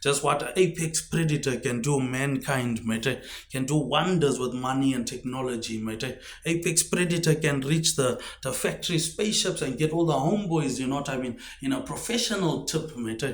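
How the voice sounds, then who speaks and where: A man rambling through a loose monologue, ending phrases on a quiet, low "mate.". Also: normal speed, reverberant. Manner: rambling, drops pitch and volume on tag words like "mate". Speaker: video host.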